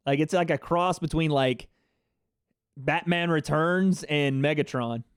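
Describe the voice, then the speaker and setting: A man hosting a live fight reaction stream, excitable and chatty, talking to his chat viewers. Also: on the high side, a little slow, clear, resonant tone, no echo, clean studio sound. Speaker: livestream host.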